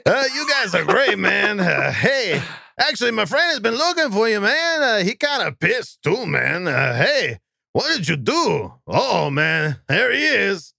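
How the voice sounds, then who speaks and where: A man's voice: high voice, sing-song, a little slow, vocal fry, bright, forceful tone, dry recording, clean studio sound, heavily acted. A man voicing a laid-back stoner dude who drawls and ends every phrase with man. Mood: mellow.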